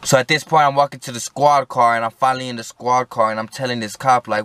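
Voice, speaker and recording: A man's voice: mid-range voice, fairly even intonation, fast talker, hardly any pauses, a bit bright, clean tone, no echo. A young man telling a rambling personal story to his viewers, full of slang and swearing, acting out what people said in a raised voice. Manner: rambling, slangy, swears and then apologizes, acts out quotes with a raised voice. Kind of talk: casual storytelling to camera.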